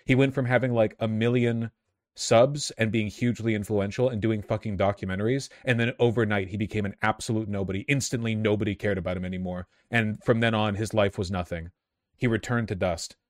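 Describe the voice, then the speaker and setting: A man's voice: on the low side, steady tone, a little fast, no echo, clean studio sound. A man giving casual political commentary in a sardonic, profane manner, with laughing asides.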